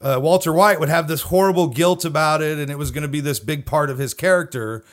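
A male podcast co-host with a fairly high voice for a man, chatting easily. He tells his stories in a loose, talkative way and laughs often along the way. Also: fast. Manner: chatty storyteller, laughs often while telling anecdotes. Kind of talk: casual chat.

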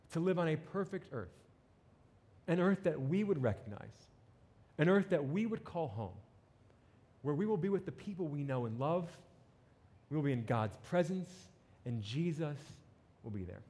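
A pastor from New Jersey, with a slight accent from there and a fairly high voice, preaches a sermon. He tosses animated, joking asides to the congregation.

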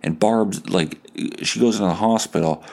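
A man's voice: lowish voice, moderate pace, creaky, darkish tone. A male podcast host improvising a story, rambling and laughing at himself. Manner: rambling, laughs at his own tale.

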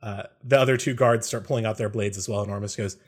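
A man's voice: fairly low pitch, steady tone, quick pace. Laid-back man running a tabletop game. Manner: laughs often, many fillers. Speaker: game master.

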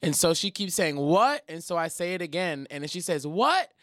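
A man's voice: fairly high pitch, moderate pace, dry recording, clean studio sound. A young man from New telling a profane story in casual talk, acting out every quote. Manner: animated, profane, acts out quotes.

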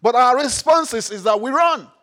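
High-pitched man preaching a sermon. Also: expressive, moderate pace. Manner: call-and-response, repeats phrases, rises to shouts; rhetorical questions to the audience.

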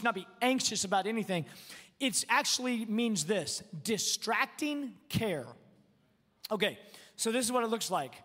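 High-voiced pastor preaching in a reverberant hall. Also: male voice, fairly bright tone. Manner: repeats words when restarting, self-deprecating humor. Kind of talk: sermon. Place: church auditorium. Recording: long reverb in a large church hall.

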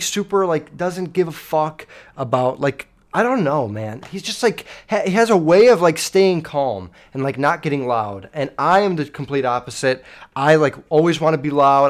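Young guy ranting casually about a rough night, lots of swearing, kinda high voice for a man, jumps up loud when he acts out freaking out. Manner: rambling, swears a lot, acts out his own panic. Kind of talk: casual storytelling to camera.

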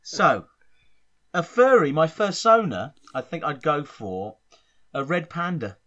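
A man co-hosting a comedy podcast, talking in a rambling, hesitant, deadpan way. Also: on the high side, takes it slowly. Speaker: podcast co-host. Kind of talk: casual comedy chat. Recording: dull lo-fi sound.

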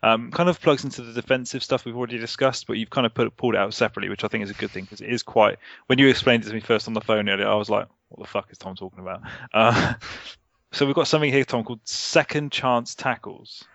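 A man's voice: medium pitch, steady tone, quick pace, creaky, fairly bright tone, no echo. A man co-hosting a casual podcast chat, rambling, hedging a lot and swearing casually. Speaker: podcast co-host. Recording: slightly muffled dry recording.

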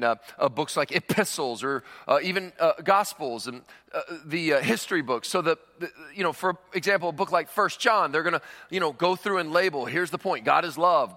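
A man preaching a sermon, animated, with jokey asides and rhetorical questions to the congregation. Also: on the high side, fairly quick. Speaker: pastor. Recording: long hall reverb.

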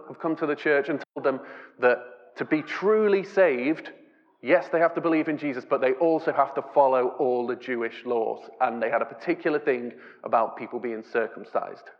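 A man's voice: fairly high pitch, big-room sound, highs cut off. A man from England giving a casual, chatty sermon, often restarting his sentences. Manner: casual, chatty and self-deprecating, with repeated restarts. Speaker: preacher. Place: church hall.

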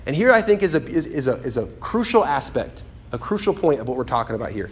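A man preaching a sermon in an animated, conversational way, often acting out quotes and restarting his phrases. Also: mid-range voice, fast talker.

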